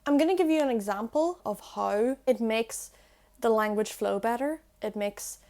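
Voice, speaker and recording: Here a chatty young woman with a fairly high, slightly mellow voice teaches pronunciation to camera for her language-learning YouTube channel. Self-deprecating, she slows down to show each sound, speaking into an earphone mic attached to her phone.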